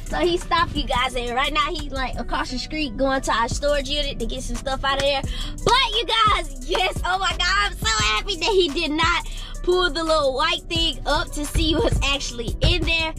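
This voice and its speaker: A woman's voice: high voice, moderate pace, few pauses. A young woman vlogging at home, hyped-up and teasing as she films. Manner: hyped-up, teasing, animated chatter. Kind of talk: excited home vlog. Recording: background music under the voice.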